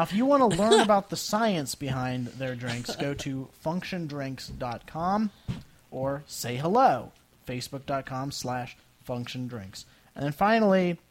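A man leads a casual review chat in a wry, chatty way. His voice sits at a middle pitch with an everyday tone. He trails off and restarts as he reads out a label.

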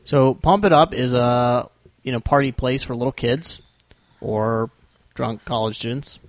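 A young man hosts a chatty podcast, rambling through a joking story. His voice sits at an ordinary pitch and sounds dry and close, with no room around it. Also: steady tone, a little slow, no echo. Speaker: podcast host. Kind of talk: casual chat.

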